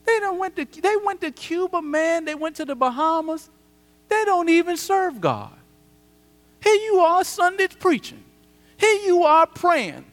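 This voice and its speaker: A man voicing a sly tempting inner voice that needles and accuses with rapid questions. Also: extremely high pitch, very animated, fairly bright tone, voice pushed up, heavily acted. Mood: taunting. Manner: taunting, rapid-fire questions. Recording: long church hall reverb.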